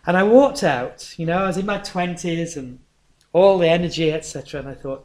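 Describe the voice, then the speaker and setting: A male preacher tells stories in a chatty, lively sermon. His voice sits a bit high for a man. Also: fairly quick. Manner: conversational storytelling, lively.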